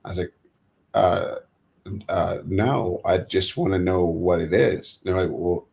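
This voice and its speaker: A man's voice: deep voice, slow, gravelly. An American man telling stories about his past in an interview, acting out the voices of the people he quotes. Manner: animated storyteller, acts out quoted dialogue. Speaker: guest. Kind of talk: storytelling interview.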